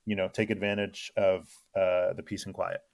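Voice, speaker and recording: A man's voice: low-pitched, flat delivery, normal speed, creaky, no echo. A man talking politics as a guest correspondent, speaking loosely with lots of fillers and a dry, sarcastic edge. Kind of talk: casual political chat.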